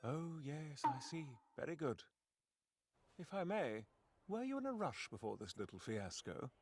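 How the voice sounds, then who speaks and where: A man's voice: a little high, very animated, unhurried, slight background noise. An actor voicing a courteous, faintly mocking male butler in an anime dub. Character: suave, polite male butler.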